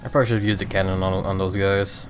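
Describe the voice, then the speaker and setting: A fairly low-voiced man streams a game and keeps up loose, chatty commentary, thinking out loud and laughing now and then. He has the hiccups. Faint game music plays underneath. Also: level tone, racing. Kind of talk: casual gameplay commentary.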